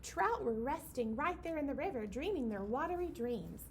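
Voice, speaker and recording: A woman's voice: sits high, lively intonation, moderate pace, darkish tone, a little hiss or hum. A young woman leading a library storytime for babies, reading a picture book aloud in a playful sing-song way and acting out the animal sounds.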